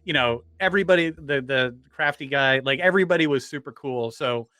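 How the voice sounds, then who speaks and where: Bright-voiced man telling rambling stories. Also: medium pitch, fairly quick, no room sound. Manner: rambling with many restarts. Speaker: podcast guest. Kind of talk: casual anecdote telling.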